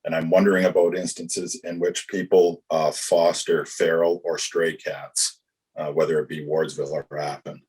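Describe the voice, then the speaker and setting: A Canadian male councillor with a very deep, rough, husky voice. He asks his question in a flat, measured way. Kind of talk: council meeting discussion.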